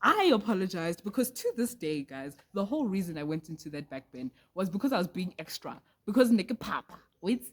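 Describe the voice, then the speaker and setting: A woman's voice: medium pitch, very animated, fairly quick, few pauses. A teenage girl, telling a story to her vlog in a candid, dramatic way with casual slang. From South Africa. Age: teens. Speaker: vlogger.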